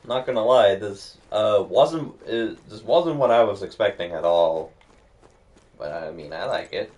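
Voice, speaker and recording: Low-pitched male streamer, casual, jokey and a little crude. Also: measured pace, darkish tone. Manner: sardonic, swears casually, jokey. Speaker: game streamer. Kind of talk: casual let's-play commentary.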